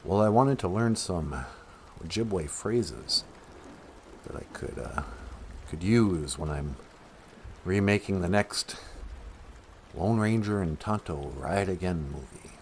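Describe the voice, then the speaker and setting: Man doing a deadpan prank caller, low voice, rambling, lively pitch, faint hiss. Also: takes it slowly, pauses often, exaggerated voice. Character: male caller posing as a movie star. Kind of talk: comedy phone-in bit.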